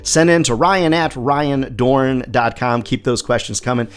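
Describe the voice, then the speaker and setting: A man's voice: mid-range voice, a little slow, smooth. A middle-aged man hosting a solo question-and-answer show as a sales coach, chatty and upbeat with friendly asides.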